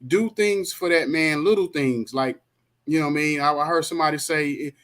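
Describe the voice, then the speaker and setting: A man's voice: on the high side, a little fast, a bit bright. Rambling podcast host, a man. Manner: rambling, conversational, full of fillers and restarts. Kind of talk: casual interview chat.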